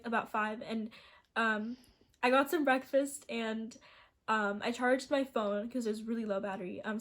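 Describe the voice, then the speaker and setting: A young woman in her late teens telling a storytime vlog, chatty and rambling, with lots of "like" and restarts, often laughing as she goes. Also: on the high side. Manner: chatty and rambling, heavy use of "like", frequent restarts. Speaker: vlogger.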